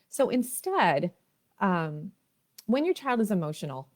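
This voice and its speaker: Casting: woman, 30s, parenting coach on a livestream, chatty, slightly low voice. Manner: warm, chatty, laughs often. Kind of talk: livestream talk to viewers.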